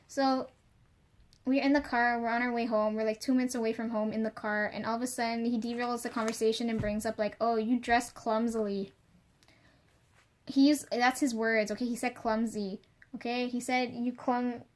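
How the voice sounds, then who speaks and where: A young woman with a fairly high voice, talking straight to the camera in a loose, rambling vlog rant. She swears freely and leans on fillers, restarting her thoughts as she goes. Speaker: vlogger. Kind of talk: casual confessional rant.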